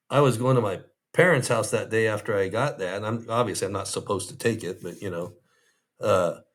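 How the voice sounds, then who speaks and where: A man, a former prison guard, telling rambling, easygoing anecdotes in an interview, full of restarts and fillers. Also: lowish voice.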